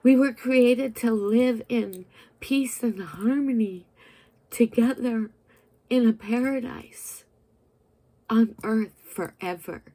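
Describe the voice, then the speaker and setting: A woman's voice: a little high, slow, dark tone. A woman in her fifties, a vlogger giving an earnest, emotional spiritual message straight to her viewers. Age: 50s. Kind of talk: heartfelt spiritual talk to camera.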